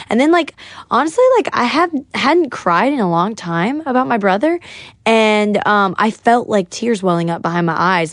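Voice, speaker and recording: A woman's voice: medium pitch, animated, a little fast, dry recording, studio quality. A young woman from the United States, a podcast guest, talking casually about her life with lots of fillers and acted-out quotes. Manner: chatty, many "like" fillers, acts out quotes. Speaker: podcast guest, singer-songwriter. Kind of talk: casual personal storytelling.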